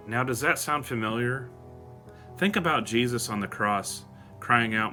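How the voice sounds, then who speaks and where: A man's voice: medium pitch, measured pace, pushed and bright, faint music behind. A man hosting a devotional show, speaking earnestly and with emotion. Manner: earnest, emotional, reads song lyrics aloud. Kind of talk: devotional talk.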